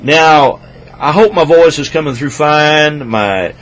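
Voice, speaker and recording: A man ranting crudely into a computer microphone at his home desk, rambling and swinging between loud outbursts and low mutters. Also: animated, slow pace, low-quality recording. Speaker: vlogger. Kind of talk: rambling profane rant to camera.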